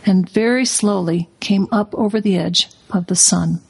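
A woman reading a storybook aloud as a guest on a radio talk show in an expressive storytelling manner. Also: mid-range voice, a little slow, gravelly, slightly rough. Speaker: guest, curriculum company president.

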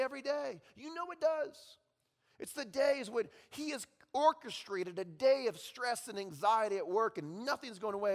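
A man's voice: high-pitched, a bit bright, long reverb tail. A man in his thirties preaching a sermon, telling a story and checking in with the crowd, with okay and all right. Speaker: pastor.

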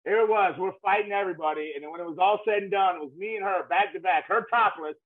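A man guesting on a talk show tells loose, meandering stories and laughs as he goes, his voice high and his pace quick. The audio sounds thin, like it's coming over a phone.

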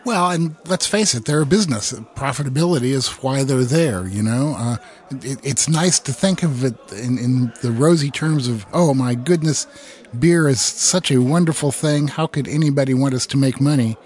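Man, podcast co-host, relaxed, matter-of-fact, casual chat, mid pitch. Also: moderate pace.

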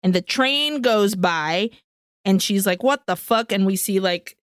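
Her medium-pitched voice is smooth, animated and unhurried as she co-hosts a podcast, casually retelling a film's story and cursing freely. The recording is studio quality, with no room sound.

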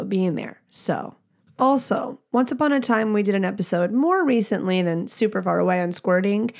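Candid, profane woman podcast host. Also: mid-range voice. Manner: candid, rambling, profane, quotes people in animated voices. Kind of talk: casual solo podcast talk.

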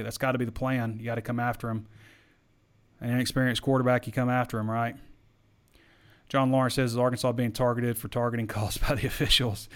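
A man hosting a sports podcast, chatting casually and answering listener questions in a rambling, hesitant way, his voice wearing thin. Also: mid-range voice. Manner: rambling, hesitant, repeats himself.

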